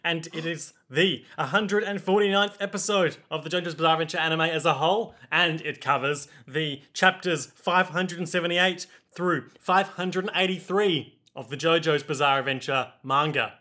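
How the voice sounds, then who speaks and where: Bright-voiced joking podcast co-host man. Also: on the high side, normal speed, few pauses. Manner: joking, banters and laughs often. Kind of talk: casual chat.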